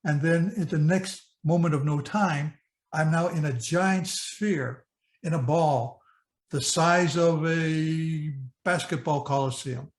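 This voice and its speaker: An older man in his eighties recounts a personal experience in earnest, vivid present-tense storytelling, often restarting his phrases. His voice sits slightly high for a man. The recording carries a noticeable room echo. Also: takes it slowly. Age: 80s. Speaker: speaker sharing a personal experience.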